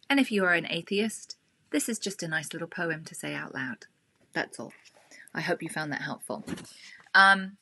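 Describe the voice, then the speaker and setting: A woman hosting a sobriety support session, calmly guiding listeners through breathing and tapping with slow, gentle instructions. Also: lowish voice. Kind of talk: live guided tapping session.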